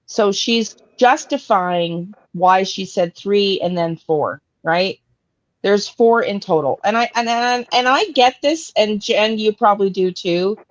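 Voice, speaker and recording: A woman's voice: medium pitch, a little slow, no echo. Blunt, cursing woman host, lo-fi sound. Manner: blunt, profane, repeats points with "okay?" and "right?". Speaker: true crime analyst host. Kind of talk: casual live-stream commentary.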